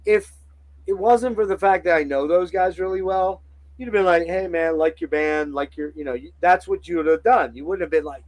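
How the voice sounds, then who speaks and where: A man hosting a casual podcast chat, telling profane, animated stories and acting out the quotes. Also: fairly high pitch, a little fast, dry recording, low-quality recording. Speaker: podcast host.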